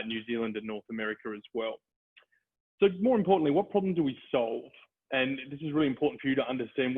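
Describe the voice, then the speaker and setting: An Australian man giving an energetic, upbeat webinar product presentation. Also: mid-range voice, husky. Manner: upbeat, energetic salesman delivery. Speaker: software company presenter. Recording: tinny phone-like call audio.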